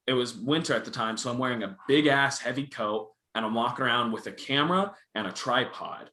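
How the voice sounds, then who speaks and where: A man's voice: lowish voice, fairly quick, pushed and bright, reverberant, slight background noise. A young man in his twenties, co-hosting a casual talk show, telling stories in a candid, profane way. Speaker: podcast co-host. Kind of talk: casual chat.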